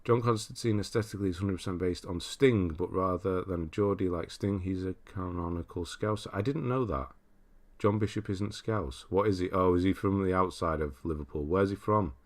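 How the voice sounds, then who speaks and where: A British man hosts a casual livestream, reading viewer comments out loud and laughing often. His voice sits low, his speed is normal, and his manner is chatty.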